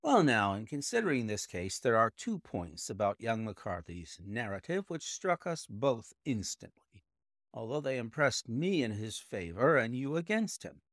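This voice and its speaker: A man voicing a brilliant, precise male detective explaining his deductions in a measured way. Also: mid-range voice, big pitch swings, fairly bright tone, dry recording, clean studio sound.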